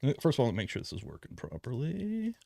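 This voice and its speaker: A man's voice: medium pitch, huge pitch swings, fast, gravelly, warm tone, dry recording. A man hosting a casual livestream, chatty and often laughing while he sets up clips. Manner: laughing, chatty, fumbling with the audio setup. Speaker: host.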